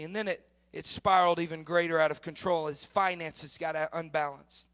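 A middle-aged male pastor with a high, bright voice preaches to his congregation. He talks to them like a friend and then builds to strong, emphatic points. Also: fairly even intonation, a little fast, few pauses. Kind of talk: sermon.

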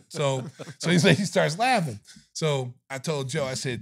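A man's voice: mid-range voice, fast talker. A middle-aged man, a podcast host and former coach, telling a story with lots of acted-out quotes, laughs and swearing. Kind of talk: animated storytelling.

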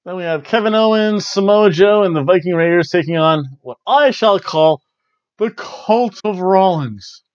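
A man's voice: high-pitched, normal speed, hardly any pauses, smooth, dry recording, muffled recording. A man hosting a wrestling review podcast, talking casually in a rambling, jokey way and slipping into silly voices. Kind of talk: casual solo recap.

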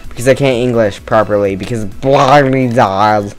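A man's voice: mid-range voice, a little slow, faint music behind. A man doing casual let's-play commentary on a murder mystery game, tired from no caffeine, rambling, joking at himself and swearing.

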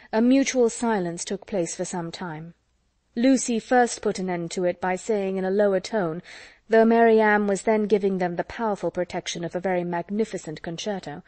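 Calm woman narrating an audiobook. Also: on the low side, no room sound. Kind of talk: scripted narration.

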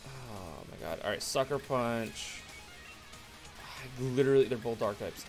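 Male let's player: casual, rambling, dry sarcasm, animated pitch. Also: a little fast, soft background music. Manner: rambling, sarcastic, talks to viewers. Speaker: gaming YouTuber. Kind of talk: let's play commentary.

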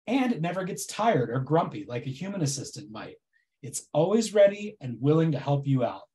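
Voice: medium pitch, big pitch swings, a little fast, warm tone. A presenter giving a prepared comic speech at a meeting, sarcastic and mock-enthusiastic throughout.

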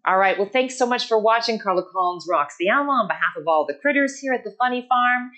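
A woman's voice: a little high, lively intonation, quick pace, a bit bright. A woman host closing out her show, thanking her guests and reading a few quotations. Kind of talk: show outro monologue.

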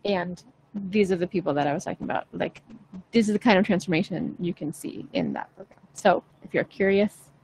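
A woman's voice: mid-range voice, a little mellow, slight background noise, poor audio. Chatty, encouraging woman vocal coach. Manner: chatty, encouraging, many fillers. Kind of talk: live-stream Q&A chat.

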